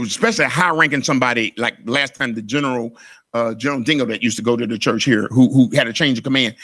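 A man's voice: mid-range voice, pushed and bright, no echo, studio quality. A middle-aged man preaching a sermon as a pastor, emotional and impassioned.

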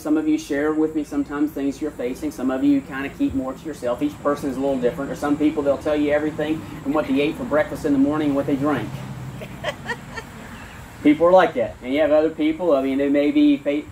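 A pastor giving a sermon outdoors, reading scripture aloud and then talking in a plain, earnest way with fillers and restarts. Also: male voice, a little high, darkish tone, distant mic, slight background noise. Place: outdoor church service.

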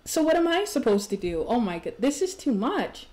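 A woman hosting a game channel, giving excitable let's-play commentary with gasps and exclamations. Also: on the high side, moderate pace. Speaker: gaming channel host.

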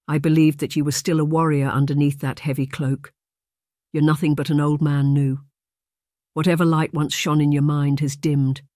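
A narrator voicing a proud, hot-headed young Highland warrior, a man with a Scottish accent who speaks in an impassioned, defiant way. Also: level tone, normal speed, darkish tone, no echo, studio quality, close to an everyday voice.

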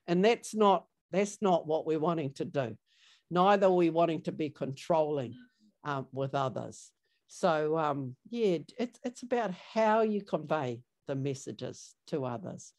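A woman's voice: deep voice, darkish tone. A woman giving an online training talk over a video call, chatty and storytelling, with many fillers. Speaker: workshop presenter.

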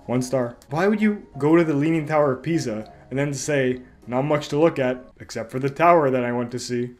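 Young man, sarcastic, comedic review reader, mid-pitched voice, faint background music. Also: moderate pace, hardly any pauses.

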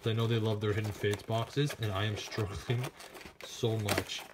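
A man narrating as he opens trading card packs on camera, excited and chatty, speaking straight to his viewers. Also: on the low side, moderate pace, very noisy. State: nervous and shaky. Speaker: card-opening vlogger. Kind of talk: casual unboxing narration.

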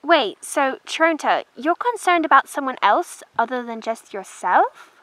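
Girl doing a sensible lead horse who teases, bright lively voice. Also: high voice, a little slow, dry recording, full character voice, poor audio. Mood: teasing. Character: sensible mare who leads the trail. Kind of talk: toy horse drama voice acting.

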